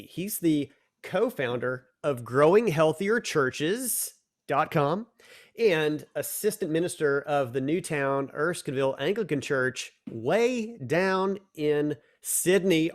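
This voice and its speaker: Upbeat male podcast co-host. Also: a little high. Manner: upbeat, joking introductions. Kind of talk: casual podcast chat.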